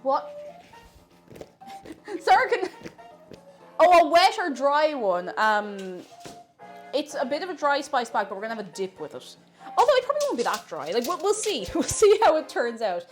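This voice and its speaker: Chatty Irish woman with a lively, high voice. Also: moderate pace, pauses often, faint music behind. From Ireland. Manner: chatty, playful, self-mocking, laughs often. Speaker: cooking streamer. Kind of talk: casual live-stream cooking chat.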